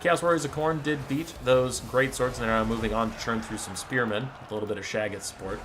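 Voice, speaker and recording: A man hosting a game tournament, giving live commentary in an excitable way, laughing and swearing. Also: medium pitch, fast talker, background noise. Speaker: tournament host and caster.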